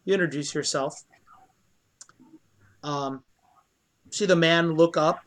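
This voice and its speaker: A man narrating as dungeon master in a tabletop role-play game, loose and halting with many fillers. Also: on the high side, pushed and bright, a little hiss or hum.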